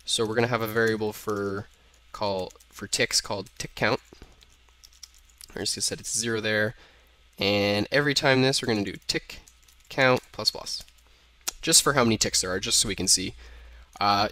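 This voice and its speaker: This young man walks through his code in a relaxed programming tutorial captured on screen, musing aloud and correcting himself while typing. He has a medium-pitched, slightly bright voice. The recording is dry, with keys clattering behind him.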